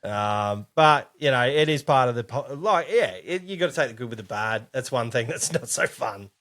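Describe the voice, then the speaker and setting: A young Australian man, a podcast guest, telling animated stories full of swearing and laughter. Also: mid-range voice, normal speed. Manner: animated, profane, laughing storyteller. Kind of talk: casual chat.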